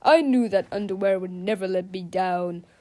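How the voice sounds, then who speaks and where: A woman voicing a goofy, defiant grown-up male superhero who answers loudly. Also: mid-range voice, normal speed, voice pushed down, close to an everyday voice. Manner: loud and defiant.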